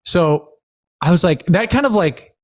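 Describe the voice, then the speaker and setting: A man's voice: high voice, measured pace. A man from Washington State hosting a podcast in casual chat, telling stories with acted-out dialogue and lots of fillers. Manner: animated storyteller, acts out quoted dialogue, many fillers. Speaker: podcast host.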